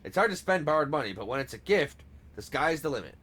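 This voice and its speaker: A man reading as a calm scheming boss. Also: on the high side, quick pace. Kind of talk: reading game subtitles aloud.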